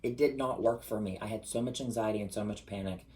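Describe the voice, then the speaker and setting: A man in a casual, confessional vlog monologue, chatty and expressive, with sudden rises in pitch for emphasis. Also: quick pace, slight background noise, low-quality recording. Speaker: vlogger.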